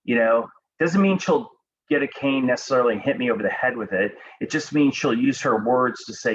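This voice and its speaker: A man giving a devotional talk and prayer to students, speaking calmly and unhurriedly with frequent ums and restarts. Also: medium pitch, fairly quick. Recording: dull lo-fi recording with faint background noise.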